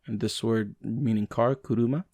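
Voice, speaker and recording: A man, a native English speaker, reading language lesson notes aloud to himself, slowing down over examples. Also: mid-range voice, creaky, a little mellow, no echo, studio quality. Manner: reads text aloud with fillers and restarts, slow over examples.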